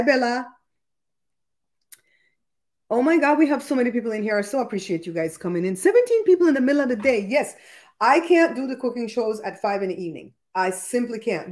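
A woman's voice: mid-range voice, a little mellow. A woman from Belize, hosting a live cooking stream from her home kitchen and chatting upbeat with viewers, greeting them by name. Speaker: cooking show host. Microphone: laptop live stream with a microphone.

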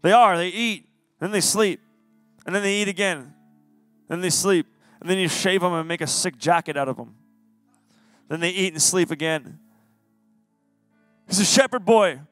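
High-voiced, lively young-sounding preacher man. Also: normal speed, pauses often, no echo, soft background music. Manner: energetic, casual and jokey. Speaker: youth pastor. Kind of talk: youth sermon. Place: youth service hall.

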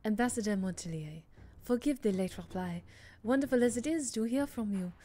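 A man's voice: high voice, fairly quick, warm tone, slight background noise, close to an everyday voice. A woman voicing a polite, self-pitying male noble with a French accent, reading his letter aloud. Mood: courtly. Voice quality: mock-formal letter reading.

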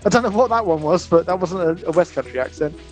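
A man with a somewhat high voice hosts a relaxed co-op game session. He chats and jokes, narrating each step he takes. Soft game music plays behind him. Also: quick pace. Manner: chatty, jokey, narrates his moves. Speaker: let's play host. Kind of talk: casual co-op gaming chat.

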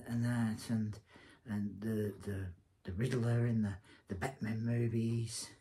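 Slow, rambling man. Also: medium pitch, darkish tone. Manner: rambling, hesitant, blunt and scornful. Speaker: TV series reviewer. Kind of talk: casual spoken review.

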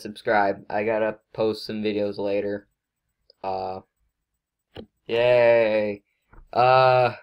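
A woman giving excitable let's play commentary as she plays, scolding herself and yelping at her mistakes. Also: rumbling low. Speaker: gaming video creator.

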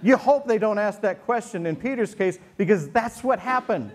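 In a church sanctuary, a male pastor preaches to his congregation with a high, expressive voice at normal speed. He keeps it conversational, joking and telling stories.

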